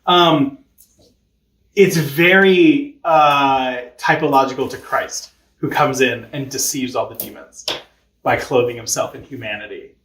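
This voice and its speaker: A man's voice: mid-range voice, a little slow, a bit bright, echoey room, a little hiss or hum. A young man teaching a catechism class in a chatty, informal way, full of fillers and light laughter. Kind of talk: casual teaching.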